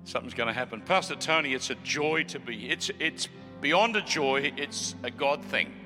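A man in his seventies with an Australian accent, preaching as a guest pastor, joking with the crowd and rising to fervent shouts. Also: mid-range voice, moderate pace, in a large hall, soft background music. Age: 70s. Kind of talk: sermon with joking banter.

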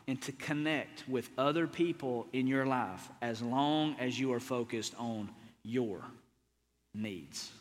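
A man's voice: fairly high pitch, fairly bright tone. A male pastor preaching energetically in a church, joking with and teasing the congregation. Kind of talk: sermon. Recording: long church hall reverb.

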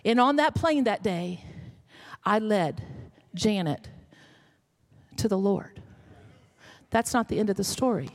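A middle-aged woman pastor, telling a story in a sermon that builds to emphatic calls. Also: fairly high pitch.

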